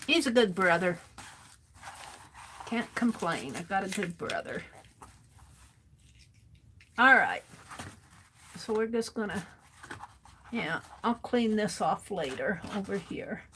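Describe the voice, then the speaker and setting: A woman's voice: mid-range voice, a bit bright, a little hiss or hum. A woman streaming her art journaling, chatting casually and talking to herself as she works. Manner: talks to herself, rambling and self-amused. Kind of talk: casual chatter while crafting.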